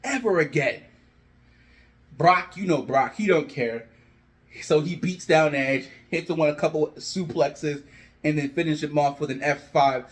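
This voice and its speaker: A man excitedly narrating his own wrestling storyline like a play-by-play caller, animated and sometimes shouting. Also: fairly high pitch, normal speed. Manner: animated, breathless, shouts at big moments. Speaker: wrestling fan booking storylines.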